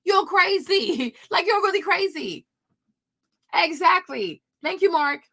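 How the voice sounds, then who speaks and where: A woman hosting a casual commentary stream, talking to viewers in an animated, emphatic way and acting out her own past reactions. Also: very high-pitched, slow pace. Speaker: host.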